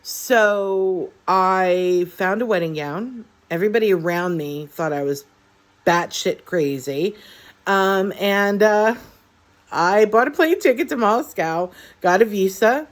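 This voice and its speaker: A woman in her forties from the United States telling a personal story from her life, halting and heartfelt, with many fillers and restarts. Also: medium pitch. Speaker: vlogger.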